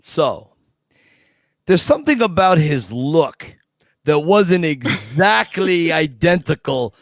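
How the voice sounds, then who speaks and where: A man from Scranton, Pennsylvania, a guest who tells stories excitedly, restarts often and acts out quotes. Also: on the high side, slow, dry recording, clean studio sound. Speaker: guest, Rocky impersonator. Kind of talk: casual storytelling.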